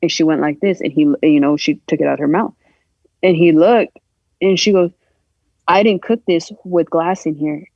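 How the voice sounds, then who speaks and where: A woman guest on a podcast, candidly telling a personal story in a halting, emotional way, acting out the voices she quotes. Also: sits low, warm tone, dry recording. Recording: dull lo-fi sound.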